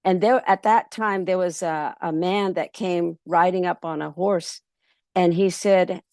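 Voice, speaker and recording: A woman storyteller at a festival workshop who tells a folk tale in an easy, rambling way, with many pauses. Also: fairly low pitch, dry recording, clean studio sound. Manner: relaxed, many ums and restarts.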